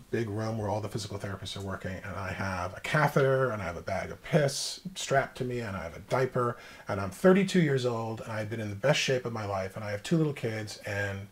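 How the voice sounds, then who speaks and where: A man, likely in his thirties or forties, telling a personal story as an interview guest, reflective and emphatic with pauses. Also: on the low side.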